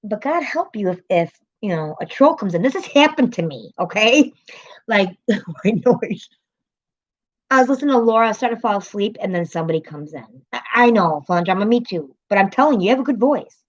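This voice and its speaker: A woman's voice: mid-range voice, lively intonation, fairly quick. Chatty woman on a lo-fi livestream. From American city. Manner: rambling, chatty, laughs often, swears. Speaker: livestream host. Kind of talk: casual livestream chat.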